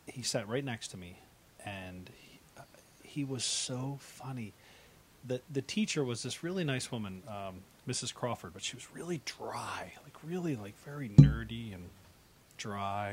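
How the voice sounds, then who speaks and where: A middle-aged man hosting a podcast, telling a school story in casual chat, animated and laughing often. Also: fairly low pitch, a little hiss or hum. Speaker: podcast host.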